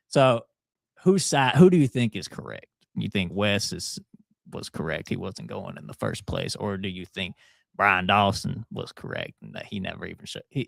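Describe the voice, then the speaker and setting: A man, co-hosting a political talk show and telling a rumor story in an animated way. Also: lowish voice, creaky, no echo, studio quality. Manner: animated storytelling, laughs often. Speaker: co-host.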